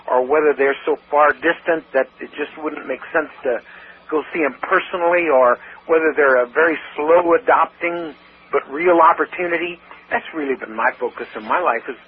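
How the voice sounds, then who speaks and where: A man with a fairly high voice tells a story as a guest on a call-in interview. He talks with animation and slips into the voices of the people he quotes. His voice comes through a thin, tinny phone line with a faint hiss underneath. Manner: animated storyteller who acts out quoted speech. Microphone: telephone.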